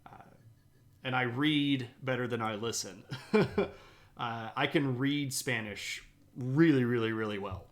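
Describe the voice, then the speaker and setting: A medium-pitched man from the southeastern United States, with a light Southern American accent, gives a live-streamed history talk and chats with viewers, pausing often and using many fillers.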